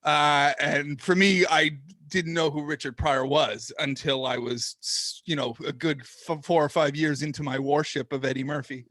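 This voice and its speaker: A male Canadian comedian talks in a casual interview, his voice sitting fairly high. He tells stories at his own expense and laughs often. The sound is dry and close, with no room in it. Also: fairly even intonation, normal speed, a bit bright, no room sound. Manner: laughing, self-mocking storyteller. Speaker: comedian guest.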